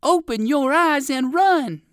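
A woman voicing an excitable little male poodle dog in a storybook, high and bouncy. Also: normal speed, no echo, studio quality. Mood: urgent.

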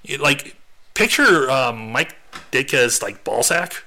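A man's voice: medium pitch, sing-song, slow, pushed and bright, low-quality recording. A man co-hosting a podcast in casual chat, crude and joking, laughing often. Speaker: podcast co-host.

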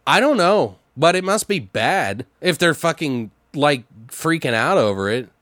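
A man's voice: on the high side, sing-song, a little slow, fairly bright tone, no echo, studio quality. A man co-hosting a casual podcast, swearing a lot and rambling through horror news, a bit tipsy. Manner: profane, rambling, jokey. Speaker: podcast co-host.

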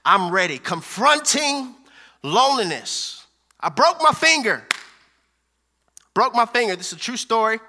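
A man preaching a sermon with emphatic repetition, calling out to his audience and swinging between loud declarations and hushed lines. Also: very high voice, big pitch swings, a little slow, pauses often, slight background noise. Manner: calls out to the audience.

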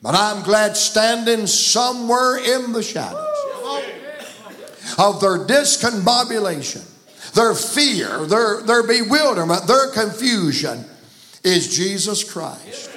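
A man's voice: high voice, very animated, slow, fairly bright tone. A man with a Southern American accent preaching a folksy, emphatic sermon in a church. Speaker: guest preacher. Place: church sanctuary.

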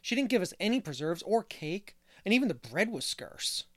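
A man's voice: sits high, sing-song, normal speed, a bit bright, no room sound, voice pushed up, full character voice. A man doing a chatty, cheerful little boy. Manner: cheerful and blunt.

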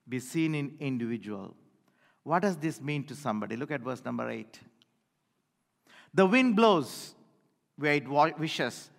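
A man preaching a sermon to his church, with dramatic pauses and phrases that fall away at the end. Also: on the high side. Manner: animated preaching with dramatic pauses and falling endings. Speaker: pastor. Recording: long hall reverb.

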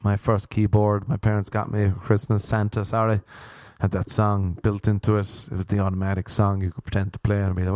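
Rambling, self-mocking Irish comedian. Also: male voice, lowish voice, flat delivery, fairly quick, a little mellow, no echo. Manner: meandering, self-mocking, jumps into sung snippets and silly voices. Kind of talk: rambling comic monologue.

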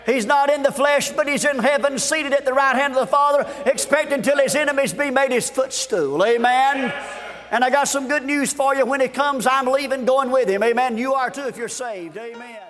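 A man preaching a fervent revival sermon, often shouting and stretching words. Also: very high voice. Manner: fervent, shouting, drawn-out pauses. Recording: long hall reverb.

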